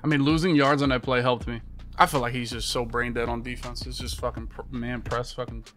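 A man's voice: mid-range voice, flat delivery, a little fast, a bit bright, soft background music. A young man giving casual, profane, exasperated commentary while playing a video game, with slangy talk, groans and sudden outbursts.

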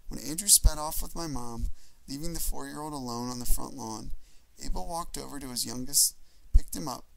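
Hombre que lee unas memorias en audiolibro, voz rasposa, tono medio, lectura pausada. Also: male voice, mid-range voice, poor audio. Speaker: audiobook reader. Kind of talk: memoir audiobook narration.

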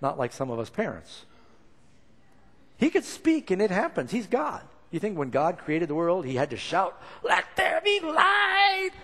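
A man preaching a sermon in a lively, expressive way, acting out the lines he quotes. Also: on the high side, normal speed, breathy edge. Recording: long reverb of a large hall.

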